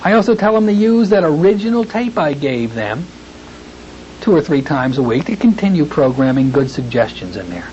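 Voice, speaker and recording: Guy teaching hypnosis, folksy, goes slow and soothing for the demo bits, muffled old tape. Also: a little high, very animated, a little mellow. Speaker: hypnotherapy instructor. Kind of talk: recorded training lecture. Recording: dull lo-fi tape with faint hiss.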